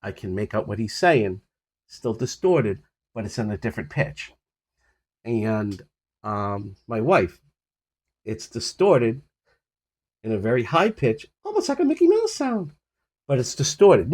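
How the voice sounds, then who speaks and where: An older man with a husky voice casually rambling about his health on a phone recording, full of fillers and restarts. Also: medium pitch, a little mellow. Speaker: vlogger sharing his health journey. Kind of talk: casual personal update to camera.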